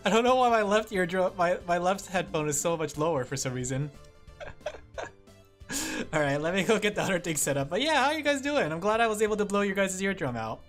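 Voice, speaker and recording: A streamer chats to the viewers in a loose, rambling way, often breaking into laughter. The voice sits at an ordinary middle pitch, caught on a streaming mic. Soft music plays faintly in the background. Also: animated, brisk. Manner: chatty, rambling, laughs often, talks to chat. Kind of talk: casual livestream chat while drawing. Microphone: streaming microphone with headphones.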